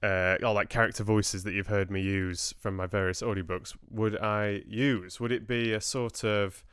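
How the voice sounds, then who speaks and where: A man chats casually with his livestream viewers, wandering from thought to thought. His voice sits low and sounds smooth and resonant. The close mic makes it dry, with no room sound. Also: steady tone, normal speed, fairly bright tone, dry recording. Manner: chatty and rambling, answering viewers' chat with laughs. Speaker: livestream book club host.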